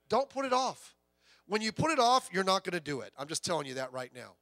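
High-voiced male pastor preaching conversationally. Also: expressive, a little fast, sharp tone, no room sound. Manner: conversational preaching with asides and rhetorical questions. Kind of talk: sermon.

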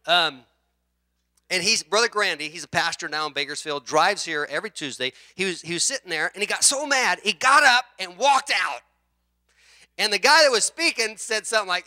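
A middle-aged man, a pastor, preaching a sermon in an animated, conversational way, firing off rhetorical questions. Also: high voice, moderate pace, no echo, studio quality.

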